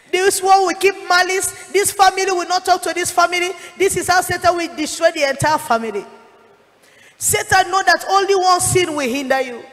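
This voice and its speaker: A woman evangelist, preaching a forceful, rebuking sermon. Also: extremely high pitch. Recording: long reverb of a conference hall.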